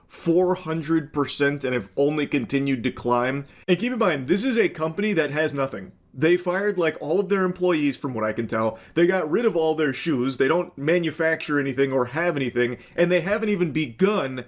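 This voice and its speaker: Sarcastic man with a higher voice. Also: normal speed, few pauses. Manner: sarcastic, swearing. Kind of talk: casual video commentary.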